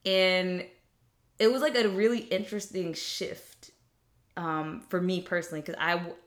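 A woman's voice: lowish voice, steady tone, measured pace. A young woman talking casually and reflectively about faith, with many fillers and restarts.

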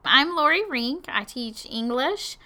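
A woman from Kentucky who teaches English introduces herself in a plain, matter-of-fact way. Her voice is bright and a little high. She speaks at an easy pace. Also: lively intonation, slow. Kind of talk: casual self-introduction.

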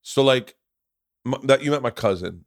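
A man's voice: mid-range voice, animated, moderate pace, no room sound. Rambling man with a dry close sound. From Florida. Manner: rambling, stammering restarts, swears freely. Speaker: podcast host; comedian. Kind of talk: casual conversational storytelling.

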